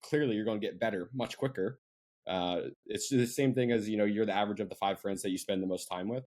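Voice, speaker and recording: A marketing agency owner from central Pennsylvania chats casually as a podcast guest, full of fillers and asides. He talks fast in a lowish voice with a darkish tone.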